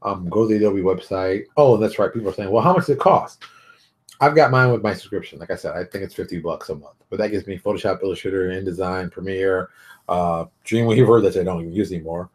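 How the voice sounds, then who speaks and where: A middle-aged man hosting a show, giving blunt, animated advice in a casual monologue. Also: deep voice, fast. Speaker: show host.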